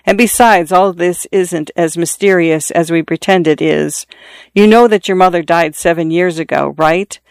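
A dying father in his forties, pressing his grown son with urgent, repeated instructions, as a reader acts him out. The voice is smooth and resonant, heard dry and close to the mic. An audiobook reading with a plain, everyday delivery. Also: medium pitch, moderate pace, dry recording, close to an everyday voice. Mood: confiding. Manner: confiding, insistent, repeating himself. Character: dying middle-aged father, earnest and pleading.

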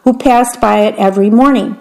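A woman's voice: mid-range voice, steady tone, brisk, mellow, natural voice, poor audio. A woman reading aloud, voicing a patient, put-upon gardener in a plain, matter-of-fact way.

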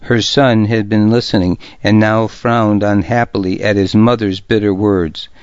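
A man reads a first-person historical story in a calm, measured way. His voice sits on the low side and moves very slowly. The sound is dry and a little dull, like a lo-fi recording. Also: no room sound. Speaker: audiobook narrator. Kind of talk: scripted first-person narration.

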